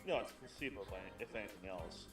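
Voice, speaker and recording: A man's voice: on the low side, fast talker, far from the mic. A man co-hosting a casual gaming stream, telling stories and swearing freely. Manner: profane, rambling storyteller. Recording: echoey and off-mic with music.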